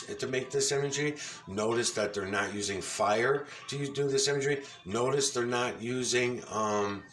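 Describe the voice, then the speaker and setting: Angry, profane, low-voiced man. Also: a bit bright. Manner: insistent, repeats himself. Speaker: video commentator. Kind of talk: casual commentary over a video.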